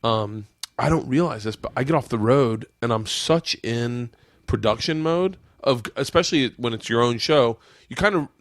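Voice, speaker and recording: A man's voice: mid-range voice, normal speed, no room sound, clean studio sound. A man in his forties hosting a podcast, telling stories in a rambling, profane way and acting out what others said. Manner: rambling, profane storytelling with acted-out quotes. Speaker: podcast host. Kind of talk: casual podcast chat. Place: home studio room.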